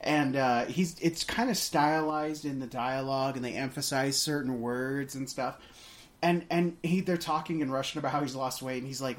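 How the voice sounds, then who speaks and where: A man's voice: medium pitch, steady tone, normal speed. A man co-hosting a casual movie podcast, rambling through a scene with many restarts and fillers. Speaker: podcast co-host.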